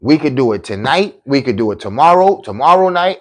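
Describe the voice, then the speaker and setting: A man's voice: mid-range voice, very animated, brisk. A man hosting his own podcast in a combative, boastful live-stream talk, taunting and challenging his critics to debate. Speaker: podcast host.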